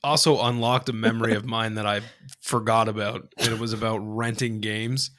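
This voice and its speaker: A podcast co-host tells a childhood story on a casual show, swearing heavily and acting out voices as an animated, profane storyteller. His voice is fairly low in pitch, at normal speed.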